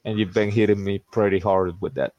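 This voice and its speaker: A man playing a tabletop game as one of the players, laid-back and quick to laugh. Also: fairly low pitch, steady tone, a little mellow, highs cut off.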